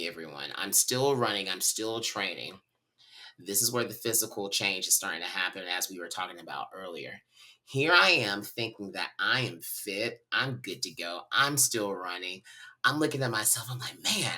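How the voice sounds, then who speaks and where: A man from North Carolina, a podcast guest telling a personal story in a candid, animated way. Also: on the low side, normal speed. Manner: animated, candid, talks to listeners as y'all.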